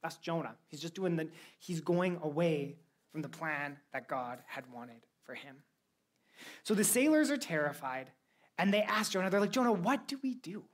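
A woman's voice: deep voice, expressive, moderate pace. A woman teaching a Bible lesson to a young church group, telling the story with energy and quizzing her listeners.

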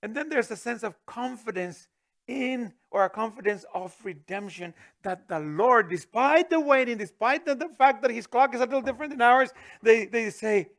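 A middle-aged man preaching a sermon as pastor, swinging from booming to hushed with chuckling asides. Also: normal speed.

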